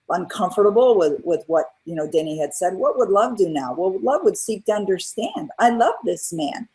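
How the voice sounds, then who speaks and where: A middle-aged woman as an interview guest, telling her own story in an earnest, animated way and acting out what people said. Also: mid-range voice, husky, poor audio. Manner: earnest, animated retelling with acted-out quotes. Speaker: guest, author and coach.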